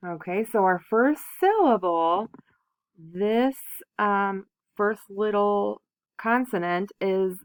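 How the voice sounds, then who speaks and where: Woman teacher, slow and patient, sounding out words for kids, dry close sound. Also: mid-range voice, no room sound. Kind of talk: phonics lesson for young children.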